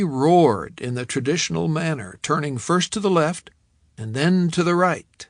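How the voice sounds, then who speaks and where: A man narrating an audiobook in the first person, his voice sitting a little higher than most men's. He tells the story in a measured, reflective way. The recording is close and dry, with no room sound. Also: animated, dry recording.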